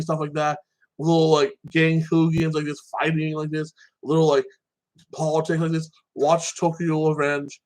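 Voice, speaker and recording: A man with a fairly high-pitched voice recaps the latest episodes of his shows. He talks loosely and rambles, leaning on filler phrases as he goes. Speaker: TV and anime reviewer.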